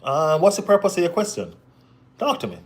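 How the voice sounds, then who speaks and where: A man's voice: sits high, very animated, fairly quick. A man hosting a football live stream, reading chat and answering viewers in a casual, bantering way with frequent "you know what I mean".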